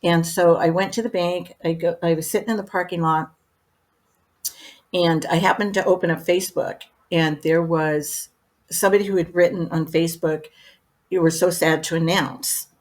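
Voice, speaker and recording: A woman's voice: on the low side, steady tone, normal speed. A middle-aged woman, a medium and podcast guest, telling her stories in a rambling, chatty way and leaning on "you know" again and again. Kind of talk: casual storytelling in an interview.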